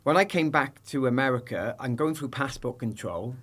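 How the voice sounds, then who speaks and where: A middle-aged British man, a podcast guest, telling lively anecdotes in casual chat and acting out the people in them. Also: medium pitch, normal speed, slightly rough.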